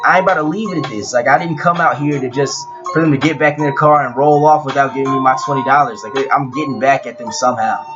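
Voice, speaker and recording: A man's voice: mid-range voice, steady tone, fast talker, few pauses. A young man telling a personal story in a laid-back, profane way, with frequent restarts. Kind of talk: casual storytelling. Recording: dull lo-fi audio with clear music behind.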